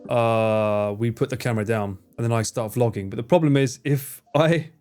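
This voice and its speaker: A young man live streaming, chatting casually with viewers, swearing freely and acting out his friends' lines in higher voices. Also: moderate pace, a little mellow, clear, resonant tone, faint music behind. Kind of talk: casual chat answering viewers.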